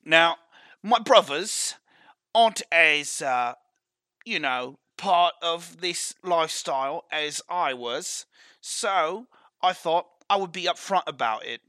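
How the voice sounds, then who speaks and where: Guy doing a slick smuggler, bright forceful voice, slow and showy, talks fancy. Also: on the high side, expressive, no echo, pitched above the performer's own voice, full character voice. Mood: persuasive. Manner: flowery, persuasive. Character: smooth-talking male smuggler, bold and scheming.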